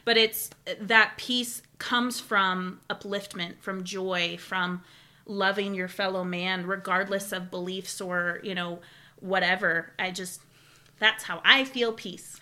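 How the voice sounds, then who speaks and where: A young woman chatting casually as a podcast co-host, telling stories with animated enthusiasm. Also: medium pitch, slow pace. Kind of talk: casual chat.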